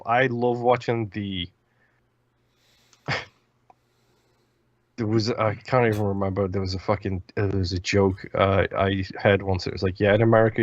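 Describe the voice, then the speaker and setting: Swearing man, low voice. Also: no echo, muffled recording. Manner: blunt, profane, rambling. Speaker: podcast co-host. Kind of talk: casual chat.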